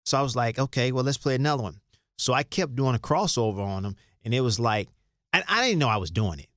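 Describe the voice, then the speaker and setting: A man's voice: mid-range voice, expressive, fast talker, a bit bright, no echo, studio quality. An older man from Chicago, a former player telling rambling stories in a casual interview. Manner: rambling, restarts, acts out quoted lines. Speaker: guest, former basketball player.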